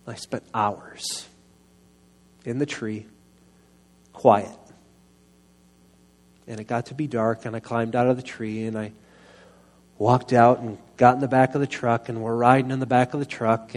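Earnest man telling a personal story. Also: mid-range voice. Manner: earnest and confessional, soft-spoken, rising to raised voice. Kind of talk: personal testimony sermon. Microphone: microphone.

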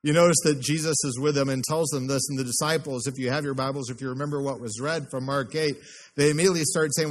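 A man's voice: mid-range voice, steady tone, fast talker. An American man, a pastor, preaching a sermon in a church, speaking conversationally and putting questions to the congregation. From United States.

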